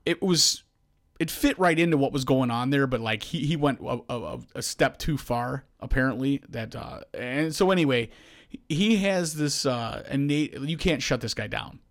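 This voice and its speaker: Man, podcast host, animated storytelling, restarts. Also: medium pitch, moderate pace. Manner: animated, acts out quoted voices, frequent restarts. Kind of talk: casual storytelling chat.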